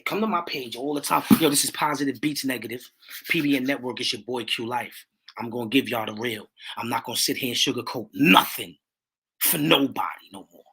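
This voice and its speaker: A man hosting his own livestream, talking with passion in a preachy way, repeating catchphrases and rising to near-shouts. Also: mid-range voice, vocal fry, husky. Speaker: livestream host. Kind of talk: impassioned livestream talk.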